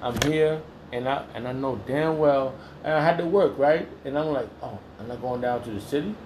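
A man reading and preaching from the Bible at home in an informal way. He rambles and repeats himself, swings between loud exclamations and low muttering, and talks in a crude, heated way. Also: normal speed, a little hiss or hum. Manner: repeats phrases, restarts often.

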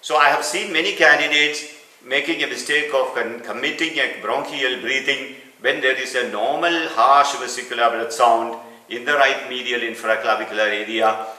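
A man's voice: medium pitch, pushed and bright. A man teaching a clinical lecture, explaining step by step and repeating key terms. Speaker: medical teacher. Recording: echoey room, mic at a distance.

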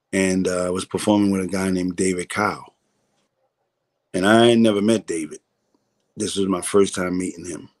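Low-voiced comedian telling a story. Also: male voice. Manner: candid storyteller, swears freely, acts out quoted voices. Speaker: comedian guest. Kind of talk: casual interview storytelling.

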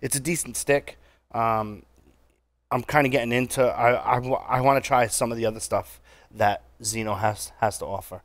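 A man with a New England accent co-hosting a casual chat, relaxed and halting with lots of fillers. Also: mid-range voice, dry recording. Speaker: podcast co-host.

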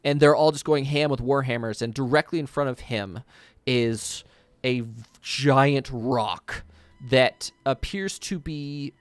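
A man's voice: medium pitch, slow, clean tone, dry recording. Man narrating as game master. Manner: vivid, rambling description with fillers.

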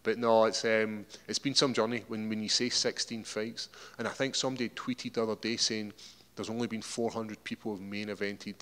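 A man's voice: lowish voice, level tone, a little fast, fairly bright tone. A man with a Scottish accent, a fighter at a media day interview, rambling and repeating words as he talks. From Scotland. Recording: echoey hall.

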